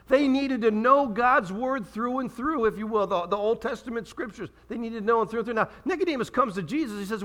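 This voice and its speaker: With a voice that sits high, this middle-aged pastor delivers his sermon in a lively, conversational manner, packing it with rhetorical questions.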